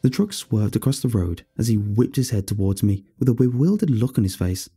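A man narrating a first-person horror story in a steady storytelling manner. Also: on the low side, fairly quick, breathy edge, soft background music.

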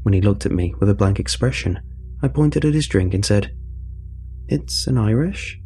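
A man narrating a first-person story in a measured, dry way. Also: lowish voice, expressive, mellow, faint music behind.

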